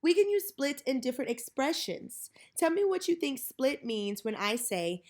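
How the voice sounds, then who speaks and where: A woman teacher leading a children's reading lesson, modeling each word slowly and clearly. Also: high-pitched, very animated.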